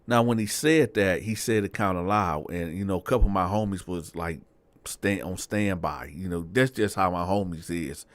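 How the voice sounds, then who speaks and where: A man telling a prison story in casual street slang, breaking into animated, high-pitched dialogue for each character. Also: normal speed, dry recording. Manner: animated, acts out dialogue with big pitch jumps; slangy street talk, frequent "right?" asides.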